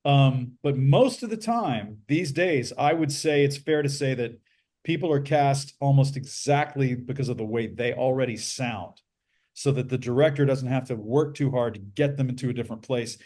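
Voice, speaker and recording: Middle-aged man with a bass-baritone voice. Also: darkish tone. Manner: measured, explains at length with examples. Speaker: voice actor guest. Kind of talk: casual interview talk.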